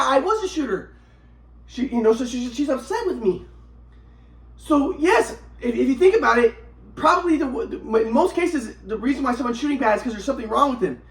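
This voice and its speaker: A man rambling agitatedly through a personal story, swearing often and restarting his sentences. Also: very high-pitched. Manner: agitated, profane, repeats and restarts himself. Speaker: vlogger telling his own story. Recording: echoey room.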